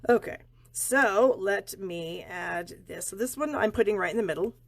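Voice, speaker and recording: A woman's voice: mid-range voice, moderate pace, gravelly. A middle-aged woman chatting and rambling casually as she hosts a card-making live stream from her home craft room.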